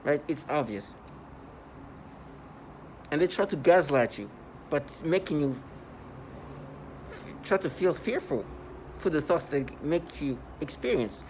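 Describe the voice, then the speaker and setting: A man's voice: fairly high pitch, lively intonation, takes it slowly, pauses often, a little mellow, a little hiss or hum. A man in an unscripted vlog monologue, rambling and repetitive, earnest and agitated, full of fillers and restarts. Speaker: vlogger.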